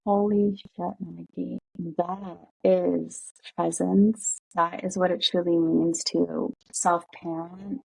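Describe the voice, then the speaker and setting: A woman hosting a podcast, warmly affirming her guest, emphatic and casual enough to swear. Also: on the low side, little pitch movement, takes it slowly, vocal fry, hardly any pauses, slightly rough, dry recording, low-quality recording. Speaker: podcast host. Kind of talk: conversational interview.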